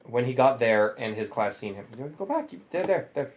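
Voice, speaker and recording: A man's voice: mid-range voice, sing-song, a little fast, darkish tone. A man co-hosting a comedy podcast, reading a story aloud and breaking in with sarcastic, exasperated asides. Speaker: podcast co-host.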